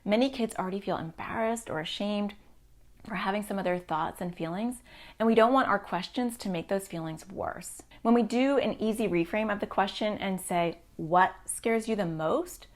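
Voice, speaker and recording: A middle-aged woman speaking as a child therapist, talking straight to parents. Her advice comes across direct and reassuring, at an ordinary pitch for a woman. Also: normal speed. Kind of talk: parenting advice talk to camera.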